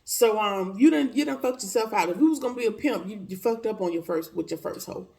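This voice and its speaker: A woman's voice: mid-range voice, brisk, gravelly, a little mellow, poor audio. A woman giving a casual, slangy recap of a TV episode, blunt and chatty with frequent profanity and asides. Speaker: TV episode reviewer.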